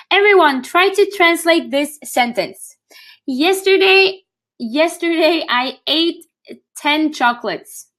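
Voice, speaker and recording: Woman, native Norwegian speaker, webinar teacher, high pitch, patient repeating. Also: a bit bright. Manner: patient, repeats phrases slowly, speaks to chat participants by name. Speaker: language teacher. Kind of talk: live webinar lesson.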